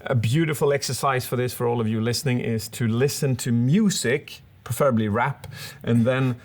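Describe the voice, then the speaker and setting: Man, speaking coach, mid pitch, eager, casual analysis. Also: normal speed. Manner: enthusiastic, demonstrates with his voice. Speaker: public speaking coach, co-host.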